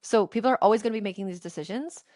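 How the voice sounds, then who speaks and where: A woman in her thirties co-hosting a podcast, talking in an emphatic, opinionated, animated way. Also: mid-range voice, rapid-fire, no room sound, studio quality. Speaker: podcast co-host. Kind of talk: casual chat.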